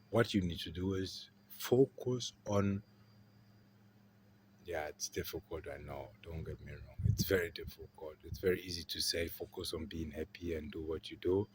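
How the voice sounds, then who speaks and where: A man with a German accent, talking through a rambling podcast monologue and swinging between loud emphasis and quiet asides. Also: sits low, a little hiss or hum. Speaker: podcast host. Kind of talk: casual monologue.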